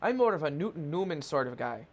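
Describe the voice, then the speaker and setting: A man's voice: on the high side, sing-song, fast. A man voicing a modest handyman with a put-on Irish accent, rambling folksily. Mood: folksy.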